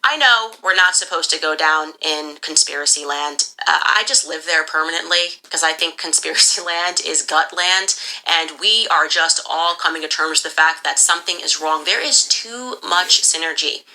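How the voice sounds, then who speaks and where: Woman, low register, very forceful tone, emphatic insistent monologue; podcast commentary delivery. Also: normal speed, few pauses, low-quality recording. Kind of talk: opinionated monologue.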